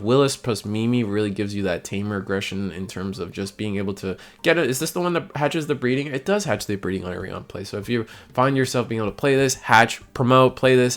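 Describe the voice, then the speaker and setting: A man casually commenting on tournament deck lists, rambling and excitable, with frequent restarts and tags like "man". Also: lowish voice. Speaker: card game content creator.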